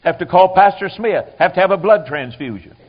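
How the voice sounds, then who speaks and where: A man preaching a sermon, animated, acting out quoted voices and dropping to quiet asides. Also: sits high, brisk. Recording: dull lo-fi sermon recording.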